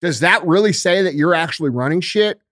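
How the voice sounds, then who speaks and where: A man ranting as a podcast guest, profane and forceful. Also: on the high side, expressive, brisk, no echo, studio quality. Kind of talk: heated podcast rant.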